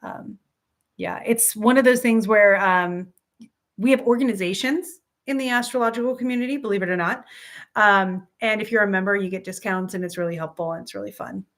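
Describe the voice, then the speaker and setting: A woman's voice: mid-range voice, fairly quick, a bit bright. A woman hosting a casual live stream, explaining astrology in an upbeat, chatty way, answering viewers by name with frequent ums and light laughs. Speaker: astrology teacher and livestream host.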